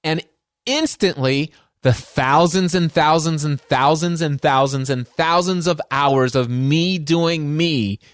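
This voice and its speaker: A middle-aged man hosts his own podcast as a lively storyteller, stacking repeated words to drive points home. His voice sits a little high for a man. The recording is dry, with no room sound. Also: slow pace, no echo. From Northern Kentucky, USA. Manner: animated, piles up repeated words for emphasis. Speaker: podcast host and coach. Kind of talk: storytelling monologue.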